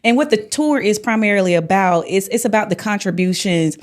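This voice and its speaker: A woman hosting a casual interview, telling a story in an animated way with quick laughs. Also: medium pitch. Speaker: host.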